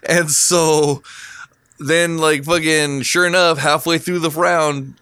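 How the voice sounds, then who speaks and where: A man's voice: fairly high pitch, measured pace, clean tone, dry recording. A man casually telling a long story to a co-host, swearing a lot and laughing as he goes. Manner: profane, laughing, animated retelling.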